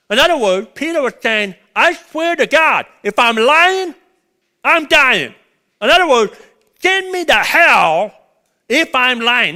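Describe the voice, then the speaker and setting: A man preaching a sermon, swinging between loud urgent peaks and hushed low passages. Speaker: pastor.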